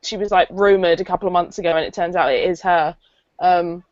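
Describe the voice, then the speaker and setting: A woman's voice: lowish voice, fairly even intonation, a little mellow, no echo. Enthusiastic woman, dull dry line. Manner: enthusiastic, quick to laugh. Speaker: podcast co-host. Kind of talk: casual chat.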